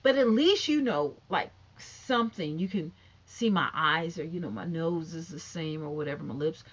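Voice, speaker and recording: A woman with a high, youthful-sounding voice chatting casually and sassily to camera about online gossip. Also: moderate pace, highs cut off. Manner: chatty, sassy, animated, talks straight to viewers. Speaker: YouTube commentator.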